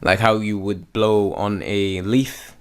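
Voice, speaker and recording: Very slow, patient male Hebrew teacher. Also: on the low side, fairly even intonation, smooth. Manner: patient, repeats each sound several times. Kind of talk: slow step-by-step lesson.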